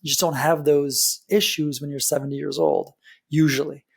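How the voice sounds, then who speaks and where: A man's voice: a little high, little pitch movement, normal speed, gravelly, slightly rough. A man, a podcast guest, speaking from home in an enthusiastic and affirming way. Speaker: podcast guest, nonprofit founder. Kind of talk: casual interview chat.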